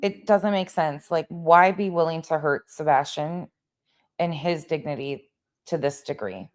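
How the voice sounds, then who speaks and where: A woman's voice: low-pitched, measured pace. A woman hosting a livestream commentary, frustrated and searching for words. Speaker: commentary host.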